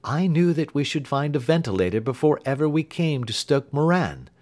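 A man reading an audiobook who voices a keen, confident Victorian male detective, raising his voice and explaining briskly. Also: on the high side, voice pushed up. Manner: brisk, lively, lecturing.

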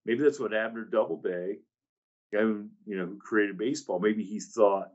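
A man's voice: on the low side, normal speed, darkish tone, highs cut off. A man hosting a podcast, musing and rambling in casual chat. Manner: rambling, musing, laughs easily. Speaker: podcast host.

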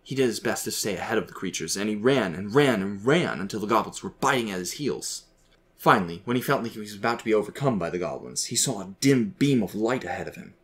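A man narrates a story from a script with a somewhat low voice. He reads at a steady pace and leans into the telling. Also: fast.

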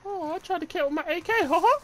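A man giving live gameplay commentary, excitable and swearing, trash-talking the other players. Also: very high voice, fast, a little hiss or hum. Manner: excitable, profane trash talk. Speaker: gamer. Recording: loud game gunfire and vehicles over voice. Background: shooter game gunfire and explosions.

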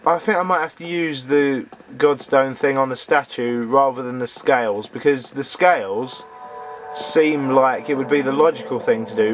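A man's voice: mid-range voice, moderate pace, soft background music. A man giving casual, sarcastic commentary while playing a video game. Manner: grumbling, sarcastic, talks to the game characters. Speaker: let's play commentator.

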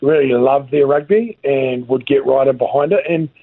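A man's voice: mid-range voice, moderate pace, no echo. A New Zealand man, a former rugby player, chatting casually as a guest in a laid-back, rambling way, full of fillers. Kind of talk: casual chat. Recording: tinny phone line.

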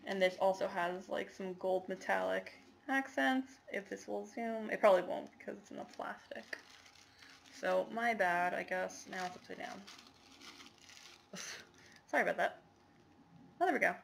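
A woman's voice: medium pitch, normal speed, vocal fry, pauses often, a little hiss or hum. A woman chatting casually to the camera in a show-and-tell video, rambling with lots of fillers and apologies. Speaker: cross-stitch vlogger.

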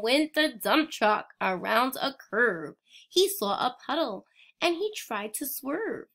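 Slow, bright-voiced woman teacher reading aloud. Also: a little high. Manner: interactive, prompting children to join in. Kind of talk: reading a picture book aloud to children.

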